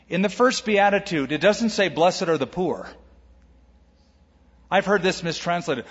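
Man pastor preaching, higher voice, husky, long hall echo, dull lo-fi sound. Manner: animated, acts out quoted voices with jokes. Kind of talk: sermon.

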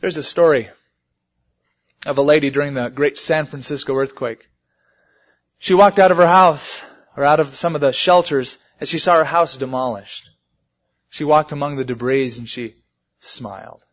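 A man's voice: fairly high pitch, normal speed, pauses often. A man preaching a sermon, telling stories and rising emphatically on the key points. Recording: muffled lo-fi sermon recording.

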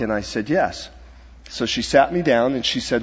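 A middle-aged guest speaker tells a personal story during a sermon in a church sanctuary, his medium-pitched, slightly rough voice earnest and halting. At the serious moments he drops to a hush, and the hall adds a dull reverberation.

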